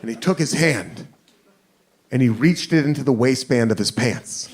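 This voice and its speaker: An American stand-up comedian with a medium-pitched voice and lively intonation speaks at normal speed, telling a self-mocking story and acting out the scene. He performs on a theater stage, and the live recording carries audience laughter and noise.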